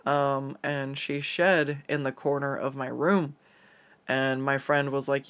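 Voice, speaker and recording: A man's voice: medium pitch, level tone, slow, a bit bright, clear, resonant tone. A man chatting casually while he draws on a stream, telling rambling stories with plenty of fillers and laughs. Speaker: artist streaming a drawing session. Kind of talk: casual chat while drawing.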